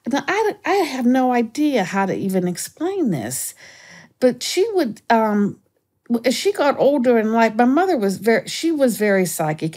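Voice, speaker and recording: A woman talks casually as an interview guest, her voice sitting at a middle pitch. She tells her stories in an animated way and keeps stopping and restarting her sentences. When she quotes other people she jumps up into a higher voice. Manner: animated, acts out callers with raised pitch, frequent restarts. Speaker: guest, former remote viewer.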